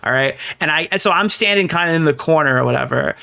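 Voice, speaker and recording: A young man co-hosting a podcast, telling a story in a fast, animated, profane way and acting out the quotes. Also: a little high, gravelly. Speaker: podcast co-host. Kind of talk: casual storytelling chat.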